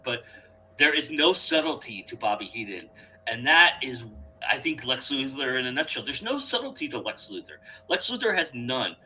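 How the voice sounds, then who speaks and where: A man in casual conversation, excitedly telling stories and often repeating words as he goes. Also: medium pitch, slight background noise, low-quality recording. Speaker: podcast co-host or guest. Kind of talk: casual chat.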